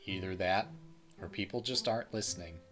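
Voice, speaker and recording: A man voicing a frail elderly game character who speaks slowly and wearily about leaving this world. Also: a bit bright, faint music behind. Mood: weary. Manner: slow, low and weary. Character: frail elderly man, reflective, ready to die.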